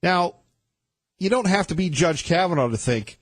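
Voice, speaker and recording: A male radio host delivers an emphatic, rambling monologue into a studio microphone. His voice is somewhat high and husky. The sound is dry and close. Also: expressive, moderate pace, no room sound. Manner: emphatic, rambling, with many restarts. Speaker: radio talk show host.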